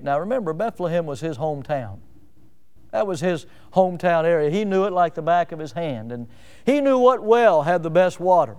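A man's voice: on the high side, lively intonation, normal speed, darkish tone, clean tone. A man from Northwest Florida preaching a sermon, asking the congregation pointed rhetorical questions and building up emphasis. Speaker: pastor.

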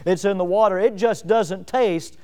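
A man preaching a sermon in a high, ringing voice with a smooth, resonant tone. He presses his listeners with repeated rhetorical questions and leans hard on key words as he builds. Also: normal speed, dark tone. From Northwest Florida. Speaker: pastor.

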